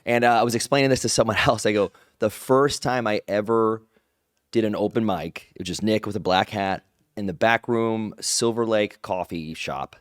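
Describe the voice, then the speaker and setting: A man telling stories as an interview guest, animated and rambling, acting out other people's lines in his own voice. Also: fairly low pitch, moderate pace, dry recording, studio quality. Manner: rambling with restarts and "like". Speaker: guest, pro wrestler. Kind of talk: casual interview storytelling.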